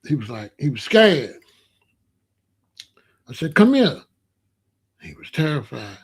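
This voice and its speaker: A man telling a casual personal story in a loose, streetwise way, sometimes dropping into low murmurs. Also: very animated, measured pace, slightly rough. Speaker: storyteller host.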